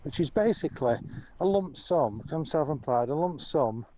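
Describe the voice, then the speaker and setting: A man's voice: on the high side, expressive, normal speed, dark tone, slight background noise. A self-employed man complaining in a fed-up tone in a recorded voice note to a radio phone-in. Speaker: caller.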